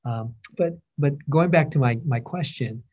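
Mellow, husky-voiced man interviewing. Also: mid-range voice, highs cut off. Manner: thoughtful, halting, gets emotional. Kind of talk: conversational interview.

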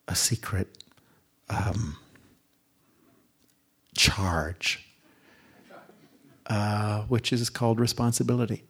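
Brief: man, low pitch, gravelly fry, thoughtful onstage intro, drawn-out phrasing with hushed emphasis. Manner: slow and deliberate, stretching words and sinking to a near-whisper for emphasis. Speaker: onstage conversation partner introducing an author. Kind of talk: reflective spoken introduction.

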